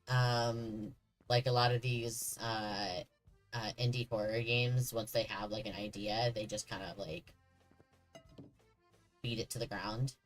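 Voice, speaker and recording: A man's voice: on the low side, little pitch movement, slow pace, faint music behind, poor audio. A man streaming a horror game, chatting casually and joking with the characters on screen. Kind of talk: casual gameplay commentary.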